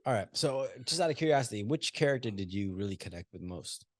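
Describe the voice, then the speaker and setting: A man with a lowish voice co-hosts a laid-back movie podcast. His pitch swings a lot as he teases his co-host, cursing freely. The recording is dry and close. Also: expressive, fast talker, dry recording. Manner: loose and profane, teasing. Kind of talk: casual chat.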